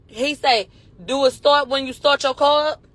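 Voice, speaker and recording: A woman with a high voice recaps a courtroom day in loose, slangy storytelling. She strings quotes together in a rapid he-said chain. The sound is dry and close. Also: no room sound. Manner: animated, slangy, retells quotes in a running he-said chain. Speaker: commentator recapping a trial.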